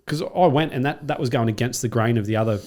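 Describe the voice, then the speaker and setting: A man, a triathlete and coach, telling a race story in casual chat with lots of swearing and acted-out quotes. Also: medium pitch. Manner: rapid, profane, animated retelling with acted-out quotes. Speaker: podcast guest, triathlete and coach.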